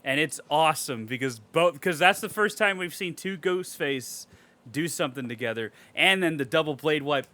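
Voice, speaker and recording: A man recapping a movie in a casual podcast chat, excitable and swearing a lot. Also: fairly high pitch, moderate pace. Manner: excitable, heavy swearing, animated storytelling. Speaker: podcast co-host.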